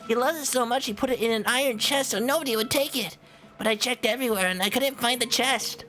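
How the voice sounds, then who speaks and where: A woman's voice: a little high, fast, fairly bright tone, natural voice, low-quality recording. A woman voicing a cheerful young village boy with a Filipino accent, talking earnestly and chattily over game music. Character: cheerful young village boy worried about his dad.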